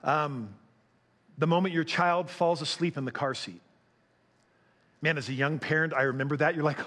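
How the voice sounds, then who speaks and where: A man's voice: on the high side, moderate pace, long pauses, a bit bright. A man preaching a sermon as pastor, conversational, asking the congregation questions and acting out quotes.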